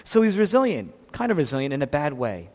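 A man's voice: huge pitch swings, quick pace, darkish tone. Man preaching in an echoing hall. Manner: dynamic preaching, acts out quotes with big swings in pitch and volume. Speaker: pastor. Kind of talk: sermon. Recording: long reverb of a large hall.

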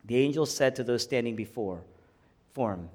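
A man preaching a sermon, swinging from hushed low passages to loud, rising climaxes. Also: normal speed. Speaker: pastor. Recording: long hall reverb.

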